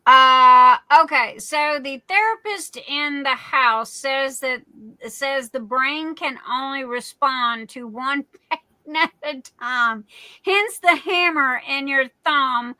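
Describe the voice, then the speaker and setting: A woman's voice: high voice, takes it slowly, pushed and bright, no echo. A middle-aged woman from Southern Arizona hosting a live stream, chatting casually and telling stories with laughs. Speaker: livestream host.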